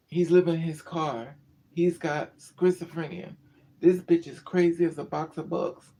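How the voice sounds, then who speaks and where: A livestreamer talking straight to chat with a gravelly, fry-edged voice. The talk is blunt and heavy with swearing, and it often drifts and trails off from tiredness. This is loose, unscripted storytelling. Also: mid-range voice, dark tone.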